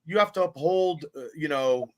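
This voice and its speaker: A man's voice: on the high side, normal speed. A man hosting a podcast, chiming in with short agreeing remarks during casual chat. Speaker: podcast host.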